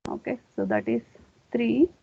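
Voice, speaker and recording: A woman's voice: fairly high pitch, wildly swooping pitch, moderate pace, gravelly, breathy edge, dry recording. Tinny-sounding woman lecturing step by step. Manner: explains step by step, often saying okay. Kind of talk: classroom lecture. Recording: dry, tinny phone-like sound.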